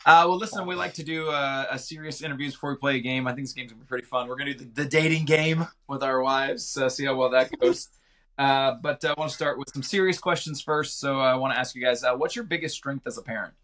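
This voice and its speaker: A man's voice: medium pitch, quick pace, pushed and bright. A man in his thirties co-hosting a parenting podcast, easygoing and joking in casual chat. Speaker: podcast co-host.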